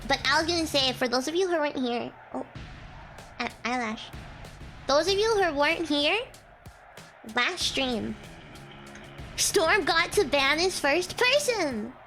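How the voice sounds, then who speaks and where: High, lively, bright-voiced woman streamer. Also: measured pace, pauses often, soft background music. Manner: chatty, giggly storytelling. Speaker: VTuber streamer. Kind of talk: casual stream chat.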